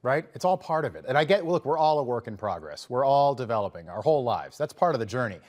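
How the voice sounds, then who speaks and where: A man's voice: medium pitch, big pitch swings, fast, a little mellow. A man hosting a political commentary show, talking in a conversational, emphatic way with sarcastic asides.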